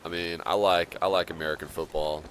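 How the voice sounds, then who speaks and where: Male game streamer, low pitch, casual rambling chat with frequent laughs, faint noise behind. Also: steady tone, brisk. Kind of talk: live gameplay commentary and chat.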